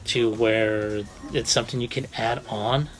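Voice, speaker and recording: A man's voice: lowish voice, steady tone, measured pace, crowd noise. Rambling male toy reviewer, casual. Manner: rambling, many fillers, friendly.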